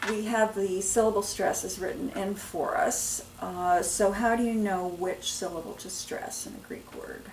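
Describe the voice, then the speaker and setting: A woman's voice: medium pitch, steady tone, measured pace, gravelly, few pauses. A woman teaching Greek, coaching a student with guiding questions and encouragement. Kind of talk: coaching a student through a reading. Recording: echoey room, mic far off, noisy.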